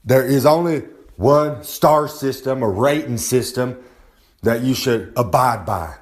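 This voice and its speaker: A man's voice: mid-range voice, a little slow. Man, wrestling promo monologue, boastful, rambling, third-person self-talk, gets heated, swears casually, outdoors. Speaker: recurring segment presenter. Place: outdoors on a humid day.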